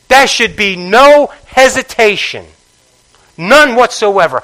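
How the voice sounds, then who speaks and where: A man's voice: sits high, expressive, normal speed, sharp tone, rough recording. A man preaching a sermon from the pulpit as pastor, emphatic, repeating his phrases and prodding the congregation to respond.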